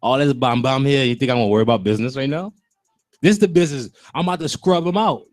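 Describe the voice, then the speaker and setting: A man's voice: mid-range voice, fast, a little mellow, no room sound, soft background music. A man hosting a radio show, bantering in a laid-back, slangy way with a New York accent. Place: radio studio.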